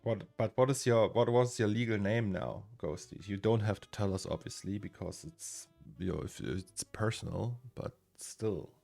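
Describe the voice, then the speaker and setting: Rambling man streamer, low voice. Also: normal speed, vocal fry, hardly any pauses, mellow. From Germany. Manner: rambling, reads out chat names, chuckles often. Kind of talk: casual live-stream chat. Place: home studio. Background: faint music.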